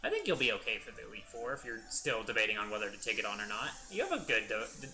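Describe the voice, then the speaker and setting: Chatty young man with a bright voice. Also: on the low side, very animated, rapid-fire. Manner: rambling, chatty, enthusiastic. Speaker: gaming channel host. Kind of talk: let's play commentary.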